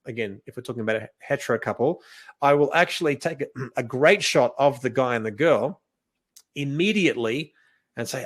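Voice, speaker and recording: A man teaching wedding photography in a casual, animated way, acting out what he says to couples and often restarting his sentences. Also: medium pitch, fairly quick. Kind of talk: casual coaching talk.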